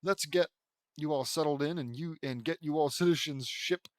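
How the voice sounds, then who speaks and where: A boastful young hero from a fan story, read aloud by a man. The lines come flat and unpolished, like a reader trying them out. The sound is dry and close, with no room around it. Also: fairly high pitch, moderate pace, dry recording, close to an everyday voice.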